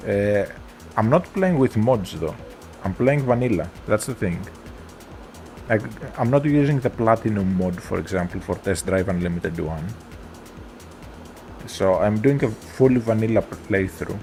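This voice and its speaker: A man with a thick Greek accent, chatting through a relaxed game stream. His voice sits low and has a gravelly edge, and he rambles easily with plenty of fillers. Faint game music plays behind him. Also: a little slow. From Greece. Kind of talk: casual gameplay chat.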